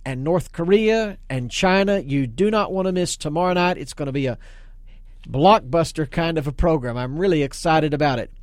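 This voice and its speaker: A man hosting a talk radio show, taking callers and speaking briskly and emphatically. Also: fairly high pitch, no room sound, studio quality. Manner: brisk, emphatic, takes calls.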